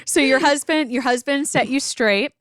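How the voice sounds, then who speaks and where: A woman in her thirties, a podcast co-host, telling a story in a casual faith chat, animated and laughing often. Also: sits high, normal speed, no echo, studio quality.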